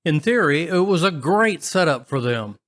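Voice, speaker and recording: Man with a slightly high voice narrating stories. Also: expressive, moderate pace, fairly bright tone. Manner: wry, chatty storytelling with comments. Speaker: story narrator. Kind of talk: casual reading of online stories.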